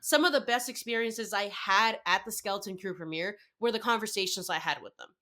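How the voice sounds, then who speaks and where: A young woman telling a story in a casual podcast chat, excitable and acting out her own reactions. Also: mid-range voice, brisk. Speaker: podcast guest.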